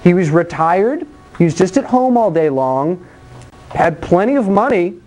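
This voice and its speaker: A preacher giving a sermon, telling Bible stories in an animated, conversational and blunt way, acting out voices and sound effects. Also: medium pitch, a little slow.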